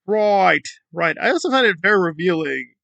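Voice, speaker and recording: A man's voice: high voice, expressive, moderate pace, vocal fry, bright, forceful tone, dry recording, highs cut off. A man hosting a sarcastic online commentary, scoffing and rambling through asides. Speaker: commentary channel host.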